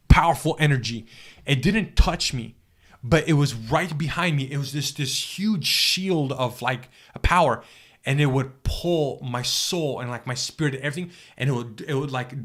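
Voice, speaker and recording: Sharing his testimony in an interview, an earnest man speaks at an ordinary middle pitch with a slightly bright quality. His spiritual story comes out haltingly, with pauses, repetitions, fresh starts, and fillers throughout.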